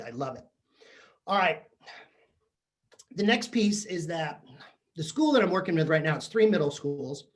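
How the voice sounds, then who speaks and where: A man giving a humorous, chatty professional development talk to teachers, joking and poking fun at himself. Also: high voice. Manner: jokey, chatty, self-mocking. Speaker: keynote speaker to teachers. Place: virtual session from home or office.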